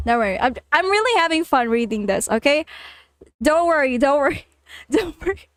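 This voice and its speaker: A high-pitched woman streamer chats casually and breaks into giggles often, repeating herself as she reacts. Her voice is close and dry, with no room sound around it. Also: animated, a little fast, no echo. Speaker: vtuber streamer. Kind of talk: casual livestream reading and commenting.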